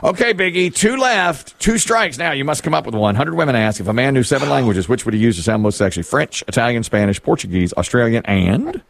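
A man's voice: medium pitch, animated, a little fast, creaky, few pauses, no room sound. A man hosting a radio quiz game, rereading the question and joking with the panel. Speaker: radio game show host.

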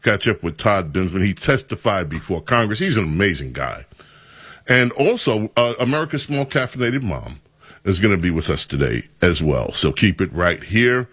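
Low-voiced talk radio host. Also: male voice, big pitch swings, normal speed, fairly bright tone, slightly rough, no echo. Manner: incredulous, rambling.

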